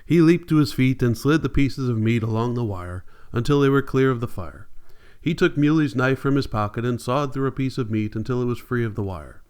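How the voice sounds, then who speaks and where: A man narrating a novel as an audiobook reader, in steady, measured scripted narration. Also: medium pitch, smooth.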